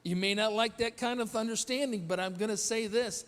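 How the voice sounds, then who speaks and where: High-voiced chatty pastor in a reverberant church. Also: male voice, a little fast, fairly bright tone, smooth. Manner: chatty, quizzes the congregation, self-deprecating humor. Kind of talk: conversational sermon storytelling. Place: church sanctuary. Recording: long hall reverb in a church.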